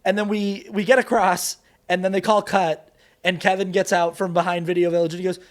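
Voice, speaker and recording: A man with a somewhat high voice tells a story on a casual podcast. He laughs a lot as he goes and acts out other people's lines with loud bursts. His delivery stays loose and chatty. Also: brisk. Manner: animated, laughing, acts out quotes in raised voice. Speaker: guest actor and creator.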